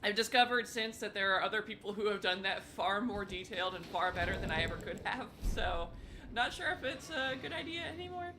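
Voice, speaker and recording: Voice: medium pitch, lively intonation, fairly quick, noisy background. A new streamer chatting casually during live online matches, often apologizing and laughing along. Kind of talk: casual live gameplay commentary.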